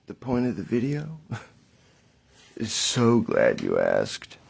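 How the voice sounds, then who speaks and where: A young adult man delivers a rambling vlog monologue in a mock-grand, theatrical manner. His voice is gravelly and a little husky, low in pitch. He speaks slowly with wide swings in pitch. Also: huge pitch swings, a little mellow. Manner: mock-theatrical, halting, chuckling asides. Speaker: vlogger.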